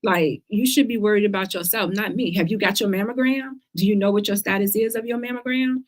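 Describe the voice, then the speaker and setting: A woman's voice: medium pitch, a little fast. A middle-aged woman, hosting a casual talk show and speaking earnestly and emphatically, repeating words to stress her points. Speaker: host of a cancer talk show.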